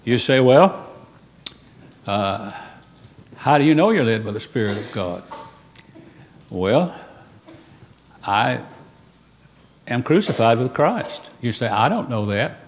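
A man preaching a sermon in a folksy, conversational way. He keeps raising his listeners' imagined doubts and fires back rhetorical questions. He quotes old King James scripture. His voice sits at an ordinary male pitch. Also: big pitch swings, slow, pauses often, slight background noise.

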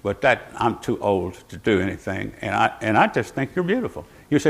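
A man's voice: fairly low pitch, very animated, fairly quick, creaky, breathy edge. A man, preaching a sermon to his church while seated, with folksy asides to the congregation. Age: 80s. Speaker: pastor.

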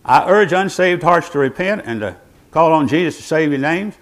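A man's voice: a little high, expressive, moderate pace. A man, preaching a sermon to his church while seated, with folksy asides to the congregation. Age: 80s. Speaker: pastor.

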